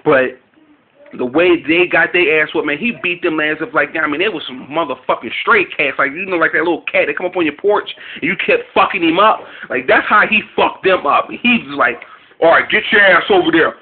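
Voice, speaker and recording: A man's voice: fairly high pitch, fairly quick, husky. A man ranting casually on camera about a news story, profane and rambling, in loose street talk. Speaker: video commentator. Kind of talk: casual reaction rant. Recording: tinny phone-like audio.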